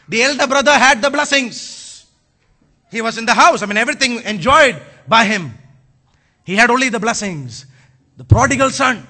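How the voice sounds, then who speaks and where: A man preaches to his congregation in a notably high, very bright voice. His pitch swings widely as he moves between quiet asides and loud, shouted emphasis. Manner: preaching with bursts of shouting, mixes in Malayalam phrases. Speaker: pastor. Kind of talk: sermon.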